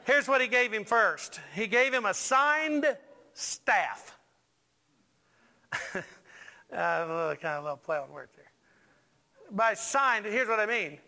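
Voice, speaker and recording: A man's voice: sits high, animated, takes it slowly, vocal fry, long pauses, pushed and bright. A male pastor preaching a sermon in a church, joking with the congregation and stressing lines with emphatic repetition.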